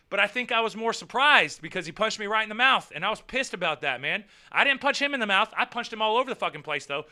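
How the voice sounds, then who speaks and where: A man with a high, lively voice hosts a loose livestream chat, drifting through profane stories from his past. His voice swoops up and down as he talks, and it is recorded close and dry. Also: no room sound. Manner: rambling, profane storytelling. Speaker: host.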